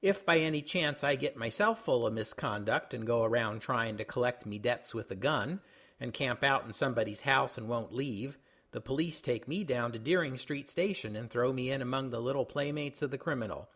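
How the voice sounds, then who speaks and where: A man's voice: medium pitch, normal speed, fairly bright tone, close to an everyday voice. A man reading aloud a period humor column as a wry, mocking older Irish barkeep, in a plain voice without a brogue. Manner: read straight, without a brogue.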